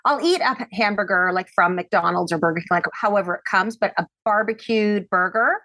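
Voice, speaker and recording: A woman's voice: mid-range voice, fairly quick, pushed and bright, no echo. A woman co-hosting a casual chat, chiming in with easygoing remarks. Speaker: co-host.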